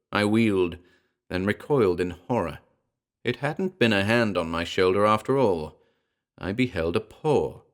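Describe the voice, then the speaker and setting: A man narrating a pulp horror parody as an audiobook reader, with dramatic, wry storytelling. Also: fairly low pitch.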